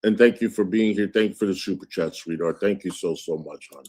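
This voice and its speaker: A man's voice: low-pitched, brisk, a little mellow. A man hosting a livestream who argues sarcastically and thanks viewers for donations in a sugary tone. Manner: sarcastic, combative, switching to sugary thanks for donors. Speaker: streamer host. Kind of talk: heated livestream argument.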